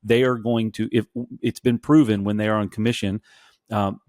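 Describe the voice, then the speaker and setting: A man on a business podcast explaining his view in a measured, halting way, often restarting his sentences. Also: lowish voice, steady tone, darkish tone, dry recording, studio quality. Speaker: podcast co-host. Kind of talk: casual business chat.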